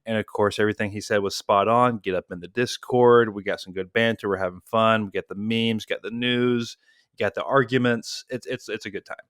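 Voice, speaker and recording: A man with a Southern accent co-hosting a podcast in casual chat, friendly and halting with repeated restarts. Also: fairly low pitch, fairly even intonation, a bit bright, clean tone, dry recording, clean studio sound. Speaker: podcast co-host.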